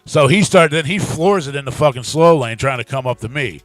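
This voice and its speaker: A man's voice: mid-range voice, expressive, brisk, dry recording, soft background music. A man hosting a live talk show, telling a profane story in casual chat and laughing often. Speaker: podcast host.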